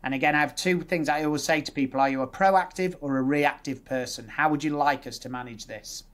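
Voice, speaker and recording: A man's voice: a little high, steady tone, brisk. A man, a guest dentist talking through his practical methods step by step. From West Yorkshire, England. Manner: practical, explains step by step, uses patient scripts. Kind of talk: casual interview chat.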